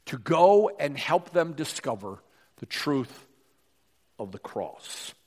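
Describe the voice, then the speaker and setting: A male pastor preaching a sermon, swinging from emphatic rises to hushed drops. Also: a little high, big pitch swings, slow pace. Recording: long reverb of a large hall.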